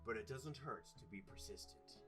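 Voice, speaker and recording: A man playing a dating game, reading the text aloud in a playful, exaggerated way with sudden loud bursts. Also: mid-range voice, animated, moderate pace, faint music behind. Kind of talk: let's play commentary.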